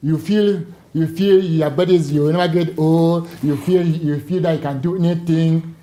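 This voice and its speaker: Blunt priest from West Africa, mellow voice. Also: male voice, on the high side, fairly even intonation, normal speed, echoey room, poor audio. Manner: blunt, emphatic, repetitive phrasing. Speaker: priest guest. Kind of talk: casual interview talk.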